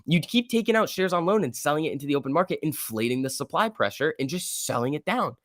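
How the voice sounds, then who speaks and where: A young man hosting a live stock-market stream, talking in an emphatic, excitable rant. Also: a little high, quick pace, no room sound, clean studio sound. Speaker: livestream host.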